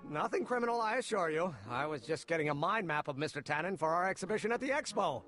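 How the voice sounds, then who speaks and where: An actor playing an excitable, earnest young male scientist in a video game, wordy and given to old-fashioned exclamations. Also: a little high, quick pace, soft background music. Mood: polite.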